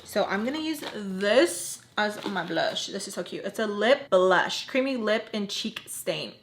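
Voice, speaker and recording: A woman's voice: medium pitch, lively intonation, a little slow, slight background noise. A young woman vlogger chatting casually through a storytime while doing her makeup, full of "like" and acted-out quotes. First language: English. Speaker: beauty vlogger.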